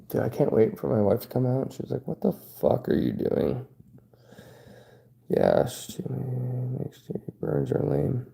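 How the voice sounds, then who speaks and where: Gravelly, lively-voiced male streamer. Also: medium pitch. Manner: loose, joking, profane banter. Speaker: livestream host. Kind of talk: casual livestream chat, reading viewer comments.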